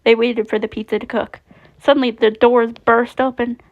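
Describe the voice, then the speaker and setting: Woman, story reading, gravelly, fairly high voice, dull lo-fi sound. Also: level tone, normal speed. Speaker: reader. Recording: dull lo-fi recording.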